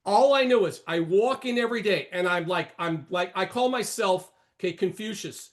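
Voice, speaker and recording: This is an older man with a notably high voice who hosts a trading session. He lectures bluntly and with animation, jumping between warnings and asides. His commentary comes across as a sermon-like monologue. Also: moderate pace, few pauses. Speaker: trading room host.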